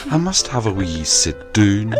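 A man's voice: fairly low pitch, sing-song, a little slow, voice pushed up. A man voicing a chatty, tired Scottish butcher's wife in a comic story, with a folksy, weary sigh. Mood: weary, kindly. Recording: music playing under the voice.

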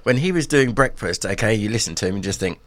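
A woman's voice: rumbling low, lively intonation, fast, dry recording. A woman with a Norfolk accent co-hosting a breakfast radio show, chatting casually and laughing easily as she tells stories. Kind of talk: casual on-air chat. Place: radio studio.

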